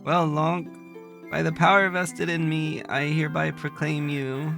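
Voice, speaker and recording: A ditzy, bubbly teenage princess with a valley-girl drawl, as a male streamer puts her on. The voice sits high with a rough, gravelly edge. Faint game music plays underneath. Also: level tone, a little slow. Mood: ceremonial.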